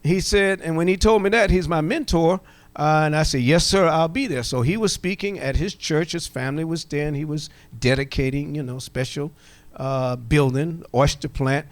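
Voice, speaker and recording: A middle-aged man with a Gullah Geechee Southern accent spins folksy stories for a live audience in an animated, joking way. His voice sits a bit high. The sound is dry and close. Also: moderate pace, no room sound. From coastal Georgia. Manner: animated storyteller, folksy, jokes with the room. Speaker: workshop presenter. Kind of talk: storytelling lecture to a live audience.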